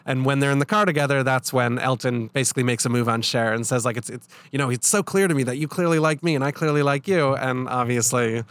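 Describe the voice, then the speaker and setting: Fast-talking male podcast host. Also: medium pitch, fairly bright tone, clear, resonant tone. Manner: quick and eager, acting out quotes. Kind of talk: casual chat.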